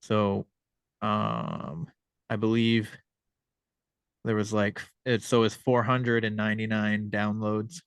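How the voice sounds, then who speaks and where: Male podcast host, relaxed and filler-heavy, smooth voice, dry booth sound. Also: on the low side, slow, pauses often, no echo. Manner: laid-back, filler-heavy. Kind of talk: casual chat.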